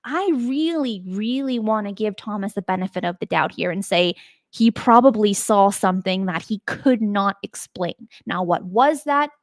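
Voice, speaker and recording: A woman's voice: medium pitch, normal speed, no room sound, studio quality. A woman hosting a show on strange cases, telling them in a chatty, emphatic way and putting rhetorical questions to her listeners. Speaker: host. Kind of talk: casual spoken narration of paranormal cases.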